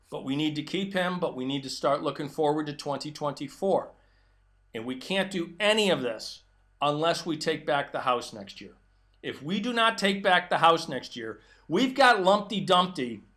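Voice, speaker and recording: Male host, middle-aged, high and sharp-toned, combative opinion rant. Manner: emphatic, combative ranting. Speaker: political commentary host. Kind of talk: opinion monologue.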